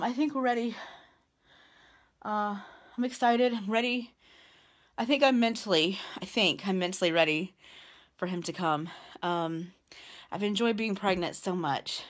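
A young woman talks into a handheld phone in a room at home, a little out of breath and pausing often with "um" and "uh". Her voice sits somewhat low and she chats in a loose, rambling way. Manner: chatty, halting with many fillers. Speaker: vlogger. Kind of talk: casual vlog chat. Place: nursery at home, indoors. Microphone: phone held while walking.

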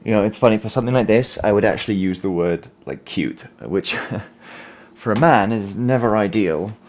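A man's voice: fairly low pitch, a little mellow. A man vlogging from his small home office, thinking aloud and rambling with self-corrections. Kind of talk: casual vlog talk.

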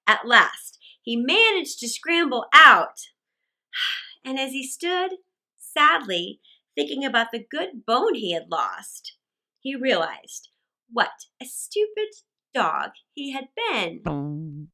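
A woman narrating children's fables aloud, animated and expressive. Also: sits high. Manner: animated and expressive, slow and clear. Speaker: storyteller for children.

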